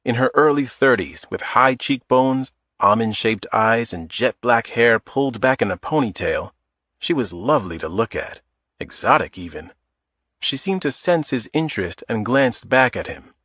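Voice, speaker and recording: A man narrating a thriller audiobook in a measured, steady way. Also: fairly low pitch, dry recording, clean studio sound.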